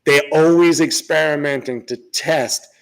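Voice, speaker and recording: A man's voice: fairly high pitch, fairly even intonation, measured pace, creaky, clean tone, rough recording. A man hosting his own channel, talking off the cuff in a blunt, profane, rambling way, repeating himself and asking "right?" often. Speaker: occult channel host. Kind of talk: unscripted spiritual talk.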